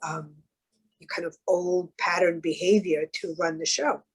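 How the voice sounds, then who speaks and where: A woman co-hosting a podcast, speaking in a calm, measured way and slowing down on key points. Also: on the low side, husky, poor audio. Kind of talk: casual podcast conversation.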